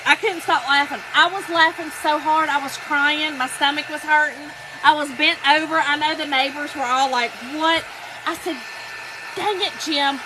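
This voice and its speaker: A woman's voice: high voice, fairly even intonation, moderate pace, background noise. A woman, hosting a casual craft livestream, telling a story and greeting viewers by name. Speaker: livestream host. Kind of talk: casual livestream chat while painting.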